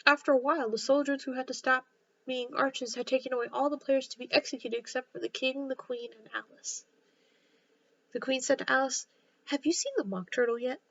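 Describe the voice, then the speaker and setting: A woman reads a children's story aloud in a gentle, steady narrating voice that sits fairly high. The recording is a little dull and lo-fi. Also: a little fast, gravelly.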